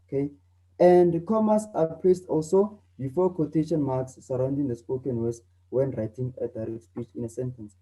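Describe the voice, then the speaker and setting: A teacher giving an online lesson, acting out the example exclamations loudly and often checking in with "okay?". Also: medium pitch, normal speed, poor audio. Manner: acts out exclamations loudly, tags lines with "okay?".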